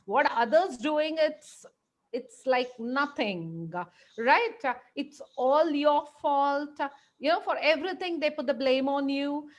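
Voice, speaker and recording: A woman with a high voice gives a classroom lecture. She explains at length, fills pauses with "uh" and "you know," and acts out the examples she describes.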